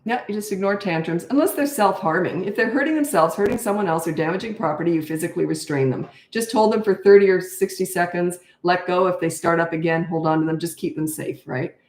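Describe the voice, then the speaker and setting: Low-voiced older woman giving blunt advice. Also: quick pace, few pauses. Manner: direct, matter-of-fact advice, acts out kids in high voices. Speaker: parenting coach. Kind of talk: live Q&A answering viewer questions. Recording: echoey room.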